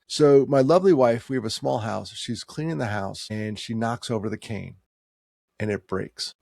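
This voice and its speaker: A man's voice: fairly low pitch, normal speed, gravelly, a little mellow, no echo, studio quality. A man in his sixties telling a personal story in a heartfelt, conversational way, with rising emphasis. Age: 60s. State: tearing up.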